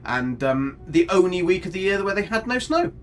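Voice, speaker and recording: A man's voice: sits high, very animated, normal speed. A man giving casual, chatty live commentary on a game, talking to his character and his viewers with mild swearing. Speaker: gaming streamer.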